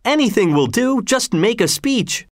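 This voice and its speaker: A man voicing an excited village crowd, shouting in high, strained bursts. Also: measured pace, no echo, clean studio sound, exaggerated voice. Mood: rowdy cheering.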